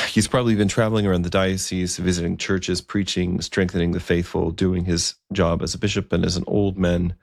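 A man's voice: sits low, flat delivery, a little fast, gravelly, dry recording, studio quality. A man narrating a story in a conversational way, with occasional fillers.

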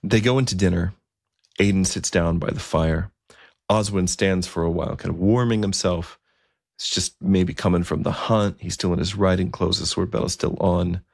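A man tells a historical story in a conversational, unhurried manner, pausing now and then on fillers. His voice is very low and gravelly, close and dry, with no room sound around it. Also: fairly even intonation, no room sound.

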